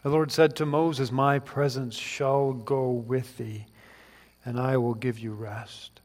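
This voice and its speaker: A man's voice: mid-range voice, fairly even intonation, slow, a little mellow. A man preaching a sermon in an earnest, pleading way that rises to fervent questions. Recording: long hall reverb.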